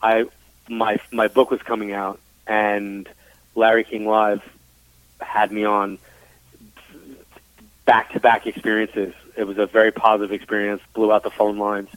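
A man's voice: fairly low pitch, level tone, measured pace, long pauses, fairly bright tone, no echo. A man from New York, a psychic medium, telling his story in a casual interview, frank and full of fillers. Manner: chatty, frank, many fillers, acts out quoted dialogue. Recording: dry tinny phone-like line.

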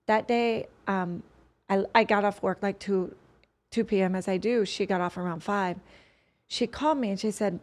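A grown woman appears as a guest on a podcast, recounting something from her own life in a sincere, meandering manner. She keeps stopping mid-sentence and starting over, speaking at a normal pace in a typical mid-range pitch.

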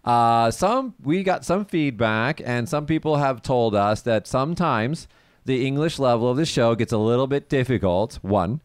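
Man hosting a casual podcast, smooth clear voice, dry close sound, lively and quick to jump in. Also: mid-range voice, dry recording. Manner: lively, leads the talk with quick interjections. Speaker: podcast host. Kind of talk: casual bilingual podcast chat.

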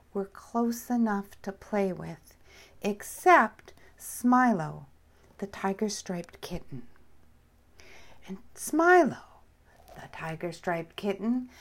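Woman storyteller, bedtime-book reading, gentle and expressive, very unhurried. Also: fairly high pitch. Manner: gentle, expressive, often drops to a whisper.

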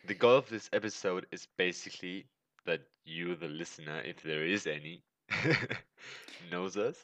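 A man's voice: low voice, normal speed, fairly bright tone, dry recording. A young man with a German accent, co-hosting a casual podcast in a joking, loose way. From Germany and Chile. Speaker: podcast co-host.

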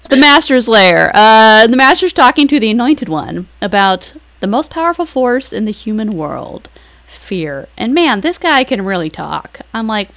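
A woman's voice: a little high, very animated, a little slow, a bit bright. Rambling, giggly young woman recapping. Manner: rambling and giggly, casual swearing. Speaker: podcast co-host. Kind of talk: casual chat, episode recap.

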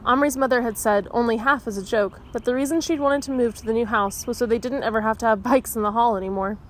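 A woman reads a children's novel aloud in a slightly high voice. She narrates with expression and sets the characters' dialogue apart. A soft hum of traffic sits faintly in the background. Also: steady tone, fast talker. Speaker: audiobook reader.

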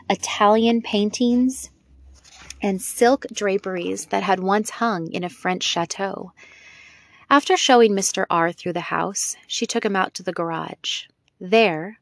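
A woman narrating an amateur audiobook, with informal asides to listeners. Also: mid-range voice. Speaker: audiobook reader.

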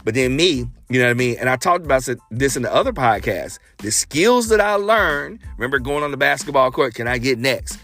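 A man hosting a podcast, telling a personal story in a casual, animated way and acting out the dialogue. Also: brisk, few pauses, faint music behind. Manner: animated, acts out quoted dialogue with big pitch jumps. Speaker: podcast host.

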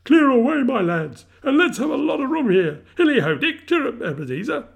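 A man voicing a jovial, fat old male merchant who shouts with hearty merriment. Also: very animated, a little fast, vocal fry, heavily acted. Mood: jovial, booming. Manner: booming, merry, hearty shouts.

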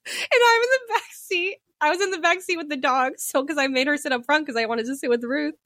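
A woman co-hosting a podcast, telling a story in casual chat, animated, swearing freely and laughing often. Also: high-pitched, a little fast, no echo, studio quality. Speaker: podcast co-host.

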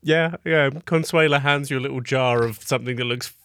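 A man's voice: medium pitch, a little fast, fairly bright tone, clean tone, no room sound, studio quality. A man narrating a tabletop game as game master, casual, laughing and swearing often.

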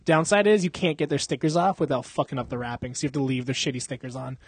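A man's voice: medium pitch, steady tone, quick pace, a little hiss or hum. A young man chatting casually as a podcast host, rambling and swearing, with frequent laughs. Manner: rambling, profane, laughing often. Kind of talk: casual chat.

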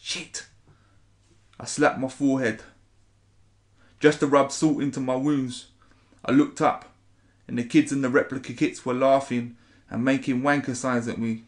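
A man's voice: mid-range voice, steady tone, a little slow, pauses often. A man, a spoken word poet chatting casually and reading his poetry. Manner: swears casually, rambling, says "innit".

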